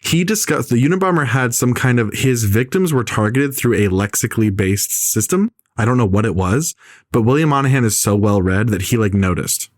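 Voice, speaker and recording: A man's voice: mid-range voice, a little fast, no room sound, studio quality. A man hosting a casual podcast chat, talking at length and rambling with lots of fillers. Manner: talkative, rambling with many fillers. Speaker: podcast host.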